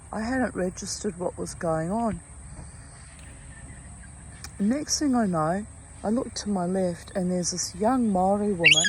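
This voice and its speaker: A woman's voice: medium pitch, a bit bright, a little hiss or hum, low-quality recording. A middle-aged woman telling a story casually and with animation, cursing freely and restarting her sentences. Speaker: vlogger.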